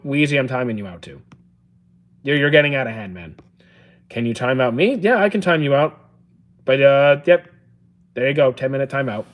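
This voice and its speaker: A young man, live-streaming and casually answering chat questions, chatty and relaxed with lots of fillers and restarts. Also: medium pitch. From Canada.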